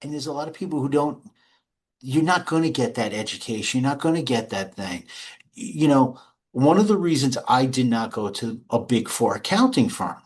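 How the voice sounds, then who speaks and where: Middle-aged man, interview guest, relaxed storyteller prone to restarts and chuckles. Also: mid-range voice, husky. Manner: rambling, anecdotal, frequent restarts and laughs. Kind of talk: casual interview talk. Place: home or office.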